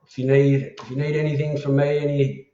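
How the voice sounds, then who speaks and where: A man's voice: mid-range voice, flat delivery, a little fast, warm tone. Rambling Australian man in an echoey room. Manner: rambling, affectionate, repeats himself. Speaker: host of an online community live chat. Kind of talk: casual live-stream shout-outs. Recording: roomy and dull lo-fi sound.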